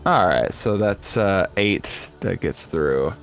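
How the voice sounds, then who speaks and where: A young man with a lowish voice run through a voice changer plays his turn, wry about his luck. His pitch swings widely as he talks. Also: lively intonation, takes it slowly, faint music behind. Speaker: player. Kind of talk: casual chat while playing.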